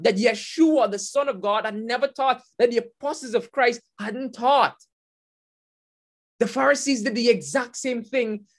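A man preaching a sermon, with animated emphasis that swells and drops, often repeating himself. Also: high voice. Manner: animated, rising and falling emphasis, repeats and restarts.

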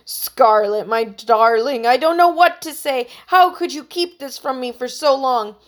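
A woman's voice: sits high, unhurried. A woman voicing a devoted soap opera leading man, speaking tenderly and reproachfully.

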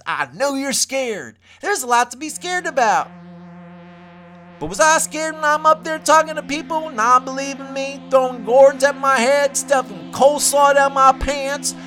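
Brief: high-pitched man, rambling preachy comic monologue, boastful self-made prophet. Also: vocal fry, pushed and bright.

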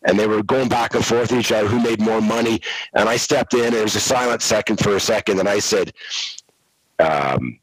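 A middle-aged man, a former hockey referee, telling relaxed stories as a guest over a video call. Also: fairly low pitch, a little fast, dry recording, low-quality recording. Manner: relaxed anecdotal telling, frequent restarts. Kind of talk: casual storytelling interview.

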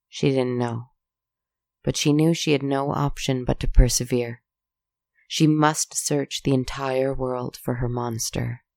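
Calm creaky storybook narrator. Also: medium pitch, no echo, studio quality. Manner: calm, measured, softly spoken.

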